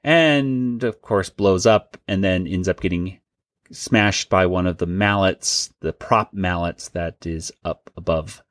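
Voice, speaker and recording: A man's voice: deep voice, slow, dry recording. A man hosting a casual podcast chat, talking loosely and laughing often. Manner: chatty, laughs often, restarts. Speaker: podcast host.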